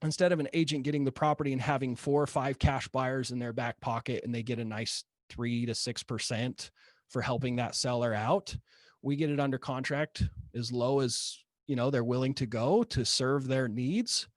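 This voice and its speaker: A man guest telling a casual story, lively, peppering his talk with "right?" and "like". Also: medium pitch, normal speed, no echo, studio quality. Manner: animated, rising to excitement; many fillers like "right?" and "like".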